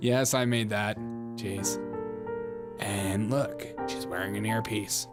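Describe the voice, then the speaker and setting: A man hosting a live online show, giving loud, mocking political commentary and laughing often. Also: lowish voice, takes it slowly, pauses often, music in the background. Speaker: livestream host.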